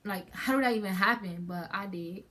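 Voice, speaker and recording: Speaking fairly quickly in a mid-range voice with a sharp tone, a teen girl chats to her channel. Her storytime is loose and rambling, full of restarted sentences and "like" and "um" fillers.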